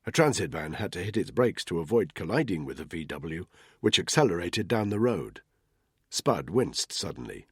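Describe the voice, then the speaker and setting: A male audiobook narrator reads scripted narration in a very deep, husky voice that rises and falls lively through the story. His delivery is tense and measured, and the recording is dry and close with no room sound.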